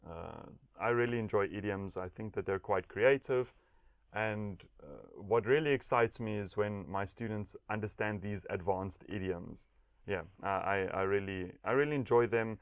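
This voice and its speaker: Guy with a lowish voice, english teacher, lots of uhs and pauses, dry close sound. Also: no echo. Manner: hesitant, many fillers and restarts, laughs easily. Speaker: English teacher and designer, interview guest. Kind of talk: casual interview answers.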